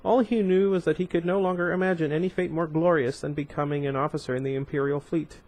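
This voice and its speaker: Casting: relaxed man reading a novel aloud, stumbles and corrects himself, chatty asides. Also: on the high side, fast. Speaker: book reader.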